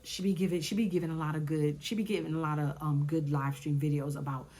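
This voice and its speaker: A woman recapping reality show episodes in casual commentary, chatty and animated, often repeating herself for emphasis. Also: sits low, fast talker, breathy edge.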